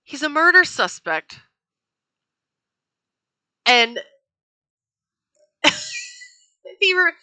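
A woman's voice: on the high side, bright, forceful tone. A woman casually telling a true crime story, chatty and profane with wry asides. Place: home.

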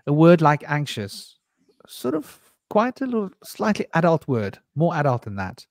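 A man's voice: on the high side, huge pitch swings, normal speed, creaky, dry recording, clean studio sound. A man hosting a candid conversation, telling long rambling personal stories full of asides and restarts. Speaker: podcast host.

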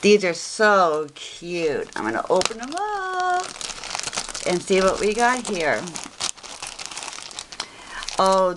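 A woman's voice: fairly low pitch, noisy background. A woman showing off her crafts in a casual unboxing, gushing and repeating how cute each piece is. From Texas. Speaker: craft vlogger. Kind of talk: casual unboxing show-and-tell.

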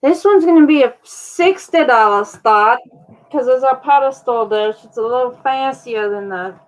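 A woman's voice: sits high, moderate pace, rough recording. A woman hosting a live online sale, chatting casually and describing each item in detail. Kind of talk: casual live-stream selling chat.

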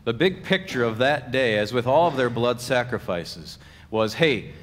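A man preaching a sermon as pastor, earnestly slowing down to stress quoted scripture. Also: mid-range voice, animated, slight background noise. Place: church sanctuary. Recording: long church reverb.

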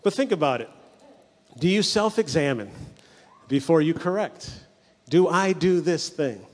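A male pastor preaching a sermon, telling stories with quick mimicry of the people in them. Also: a little high, lively intonation, a little mellow, long reverb tail.

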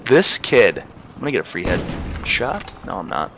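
A young man giving rambling, excitable live commentary while playing a shooter game. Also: fairly low pitch, a little slow, gravelly, slight background noise. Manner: chatty, rambling, excitable bursts. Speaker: gamer doing live commentary. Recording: game gunfire loud in background. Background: gunfire and game sounds.

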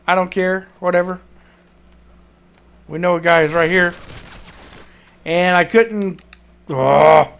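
A high-pitched man gives running commentary over his shooter game. He grumbles, swears and yelps in exasperated bursts as the match goes badly. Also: steady tone, slow pace, gravelly, long pauses, fairly bright tone. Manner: frustrated, swearing, outbursts. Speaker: gaming commentator. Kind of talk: live gameplay commentary.

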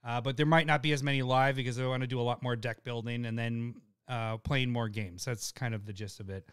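Smooth-voiced man on a live podcast. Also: medium pitch, fairly even intonation, a little fast, dry recording, studio quality. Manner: laughing, loose and rambling, reads out patron shout-outs. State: hiccups and eating hot peppers. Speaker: podcast co-host. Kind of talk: casual live podcast chat.

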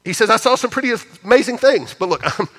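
High-voiced pastor preaching in a reverberant hall. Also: male voice, lively intonation, fast talker, fairly bright tone. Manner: conversational preaching, reads scripture with emphatic swings in volume. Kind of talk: sermon. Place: church auditorium.

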